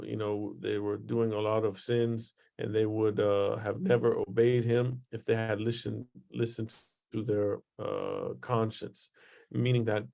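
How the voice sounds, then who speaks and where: A man's voice: medium pitch, gravelly, dark tone. A man teaching a religious lesson in a conversational way, reading passages aloud from a book and explaining them with many fillers.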